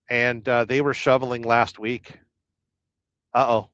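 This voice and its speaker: Rambling, jokey trucker on a dull stream. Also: male voice, mid-range voice, level tone, measured pace, fairly bright tone, no room sound. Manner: rambling, jokey, reads viewer comments aloud. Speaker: trucker livestream host. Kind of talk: casual live-stream chat.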